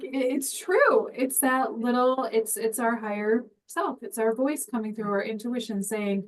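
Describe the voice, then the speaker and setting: A woman's voice: fairly high pitch, measured pace, hardly any pauses, recorded from a distance, rough recording. Earnest woman, a bit off-mic. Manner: earnest, animated storyteller with examples. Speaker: podcast co-host. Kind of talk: casual spiritual chat.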